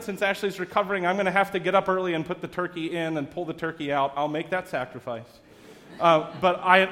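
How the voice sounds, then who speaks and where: A pastor delivers his sermon in a relaxed, wry storytelling manner, his voice sitting a little high for a man. It carries the long, lingering reverb of a church sanctuary.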